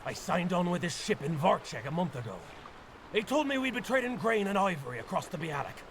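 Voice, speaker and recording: A man's voice: high-pitched, big pitch swings, brisk, noisy background. An actor playing a cunning captured male pirate who poses as a farmer in a game, wheedling and then sly and taunting. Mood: pleading.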